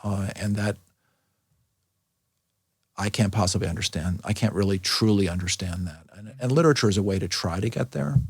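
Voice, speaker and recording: A middle-aged man, a medical school dean and liver doctor, speaking thoughtfully in a casual interview with many pauses and restarts. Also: fairly low pitch, husky, dry recording, clean studio sound. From New York City.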